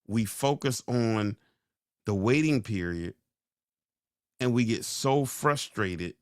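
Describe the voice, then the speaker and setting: A man hosting a podcast, giving a sermon-like motivational talk, slowing down and repeating key lines for emphasis. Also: lowish voice, expressive, no room sound, studio quality. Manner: slow, drawn-out emphasis. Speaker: podcast host.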